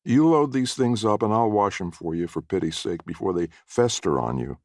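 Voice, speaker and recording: A man's voice: on the low side, normal speed, no echo, studio quality, voice pushed up, natural voice. A man doing a scolding neighbor woman. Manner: scolding, prim. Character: fussy, disapproving country neighbor woman.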